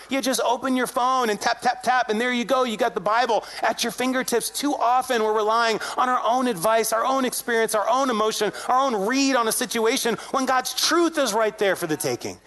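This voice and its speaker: A man's voice: sits high, a bit bright. A male pastor preaching a sermon, telling a story in a conversational way and acting out the quoted dialogue with animation. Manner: conversational, addresses congregation directly.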